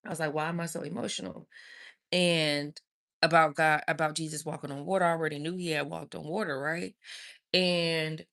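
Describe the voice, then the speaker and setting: Low-voiced woman preaching with emphasis. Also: a bit bright. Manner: emphatic, addresses listeners as y'all. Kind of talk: prophetic preaching on a live stream.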